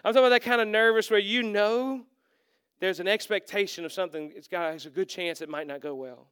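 A male pastor preaching a sermon, acting out the characters and swinging from loud to hushed. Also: high-pitched, brisk, smooth, no room sound.

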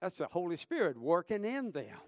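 A man preaching a revival sermon, swinging between shouted praise and hushed storytelling. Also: high voice, sing-song, brisk, no room sound. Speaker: traveling preacher.

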